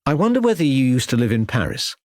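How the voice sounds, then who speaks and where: A man's voice: medium pitch, sing-song, fast, a little mellow, no room sound, clean studio sound, voice pushed up, close to an everyday voice. A man voicing a courteous, persistent Victorian police inspector who questions in a formal, polite way. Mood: probing.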